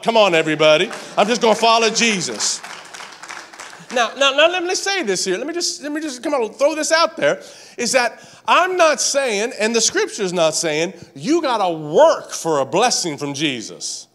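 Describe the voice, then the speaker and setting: A man preaching a sermon, passionate and repetitive, building to shouts. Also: high-pitched, very animated, moderate pace. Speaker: pastor.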